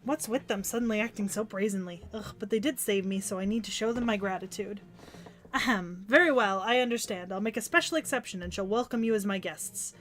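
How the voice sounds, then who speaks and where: A woman's voice: medium pitch, a little fast, a bit bright, faint music behind, lightly acted. A woman reading the lines of a proud, short-tempered young pharaoh queen from a game, in a haughty, indignant way.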